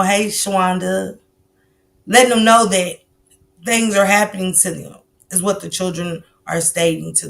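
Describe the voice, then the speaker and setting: A woman with a mid-range, fairly bright voice hosts a casual livestream, talking loosely into her computer mic. Between sentences she says hi to chat viewers by name. She rambles conversationally, using fillers and asides.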